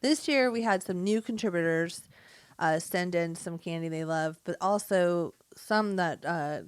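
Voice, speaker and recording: A woman's voice: on the low side, unhurried, clean tone, no echo. A woman co-hosting a podcast in casual chat, laughing often and firing back playful comebacks. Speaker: podcast co-host.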